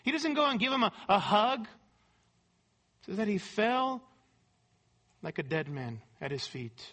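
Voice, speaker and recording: Male pastor, high and bright voice, emphatic sermon delivery that repeats phrases for stress. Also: sing-song, slow. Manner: explains scripture verse by verse.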